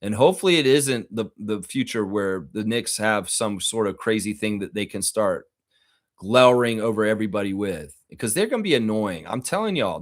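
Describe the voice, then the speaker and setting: A man with a profane, heated manner, hosting a live reaction stream and reading out viewer comments. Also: lowish voice. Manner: reads viewer comments aloud.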